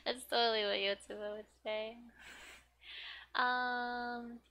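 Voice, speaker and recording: A woman teaching Japanese from a manga in a casual, chatty way, giggling often and filling her talk with "like" and "um". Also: slow pace. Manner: reads manga lines in high excited character voices. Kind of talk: casual manga reading lesson.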